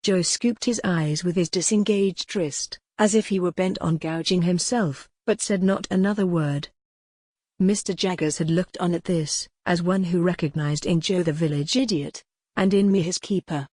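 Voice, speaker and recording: A text-to-speech woman's voice reading a classic novel as an audiobook narrator, with an even, machine-read delivery. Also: fairly low pitch, normal speed, no echo, studio quality.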